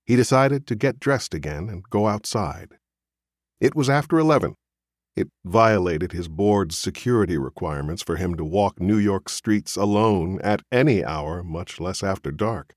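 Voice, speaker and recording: A man narrating a literary novel as an audiobook reader, in a measured, expressive storytelling manner. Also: sits low, no room sound, clean studio sound.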